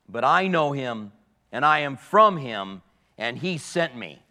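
A man's voice: medium pitch, sing-song, slow pace, bright, forceful tone. A man preaching a sermon, reading scripture aloud and explaining it to his congregation. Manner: expository preaching with quoted scripture. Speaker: pastor. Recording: long reverb of a large hall.

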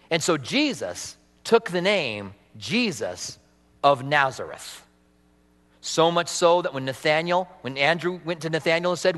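A man preaching a sermon as pastor, animated with humorous asides, then leading a prayer. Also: sits high. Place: church sanctuary. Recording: reverberant church hall.

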